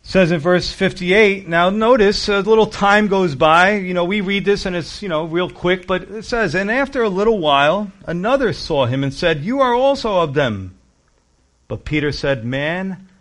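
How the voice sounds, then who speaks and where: A middle-aged man preaching a sermon, telling stories with acted-out voices and big swings in loudness. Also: on the high side. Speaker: pastor.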